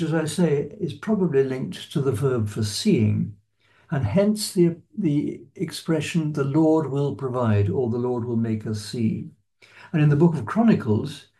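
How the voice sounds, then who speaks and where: Man, Bible lecture, mellow dark voice, measured, explanatory, stresses key words. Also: medium pitch. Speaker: lecturer on scripture.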